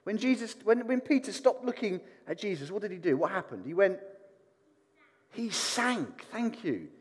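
A man preaching a sermon, animated and putting questions to the congregation. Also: high voice, moderate pace, big-room sound. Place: church hall.

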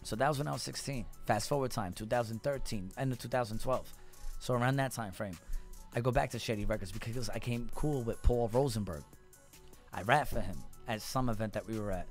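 Gravelly guy in his 30s, rapper guest, swearing a lot and acting out everyone in his story. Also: mid-range voice, a little fast, faint music behind. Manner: animated, profane, acts out voices in his story. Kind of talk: casual storytelling.

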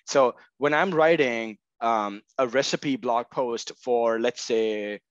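A man's voice: mid-range voice, slow pace, clean tone, dry recording, lo-fi sound. A man speaking as an interview guest in casual conversation, hedging with fillers and often asking "right?". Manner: many fillers, frequent "right?" checks. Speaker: guest, marketing tech co-founder.

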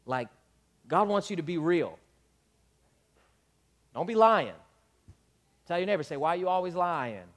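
A man preaching a sermon as pastor, animated, acting out dialogue and building up to shouts. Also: sits high, unhurried, long pauses.

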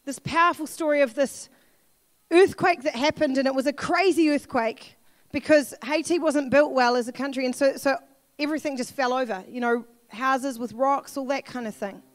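A woman pastor with a New Zealand accent preaching a sermon, earnest and pleading, building at times to shouts. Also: sits high, normal speed, dry recording.

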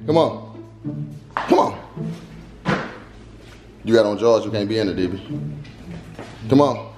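A man's voice: mid-range voice, normal speed, long pauses, a little mellow, soft background music. A young man vlogging at home, playfully coaxing his baby to walk while chatting to viewers. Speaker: vlogger parent. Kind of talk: casual family vlog. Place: family home.

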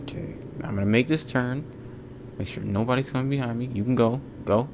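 A man's voice: medium pitch, fairly quick, noisy background. A man giving casual let's-play commentary, exasperated and ranting to himself as he plays. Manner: casual slangy talk. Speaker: gaming channel host.

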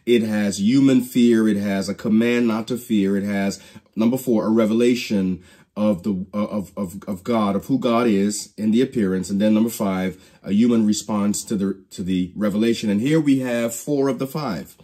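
Male Bible teacher, preacherly storyteller, dark and slightly husky, restarts phrases. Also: fairly low pitch, moderate pace. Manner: preacherly storytelling, acts out quoted lines. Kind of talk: Bible study lesson.

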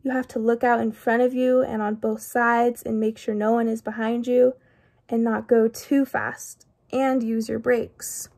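A woman voicing an anxious, fretful male walrus in a children's storybook, talking slowly and rambling through all his worries. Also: on the high side, little pitch movement, creaky, darkish tone. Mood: worried. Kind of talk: children's storybook read-aloud.

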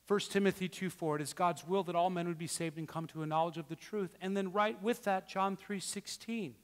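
A male pastor preaching a sermon, emphatic with rhetorical questions, moving between quiet asides and loud exclamations, in a church sanctuary. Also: sits high, fairly quick, long reverb tail.

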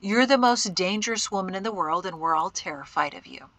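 A woman's voice: mid-range voice, expressive, brisk, fairly bright tone, no room sound. A woman voicing a young farmer husband, urgent and emotional. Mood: teasing.

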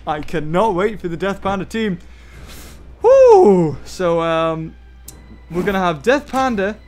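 A man giving excited play-by-play commentary on a mobile game battle. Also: sits high, normal speed. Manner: enthusiastic, play-by-play like a sportscaster. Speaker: gaming YouTuber.

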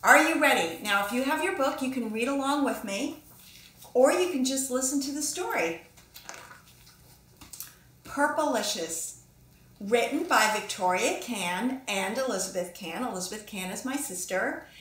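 A woman, a children's book author, reading her story aloud to young listeners with bright enthusiasm in her studio. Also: a little high, lively intonation, moderate pace, reverberant. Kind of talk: children's read-along.

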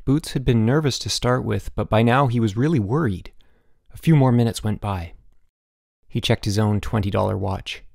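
A man reading a children's novel aloud as an audiobook narrator, steady and clear. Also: lowish voice, moderate pace, no echo, clean studio sound. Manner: steady storytelling with voiced dialogue. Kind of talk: scripted narration.

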